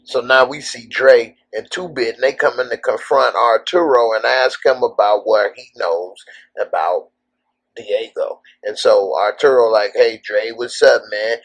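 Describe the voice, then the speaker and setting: A man's voice: mid-range voice, a little slow, slightly rough, low-quality recording. A man giving a loose, casual plot recap of a TV episode, full of "and so" and "uh", slipping into the characters' lines. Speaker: TV show recap reviewer.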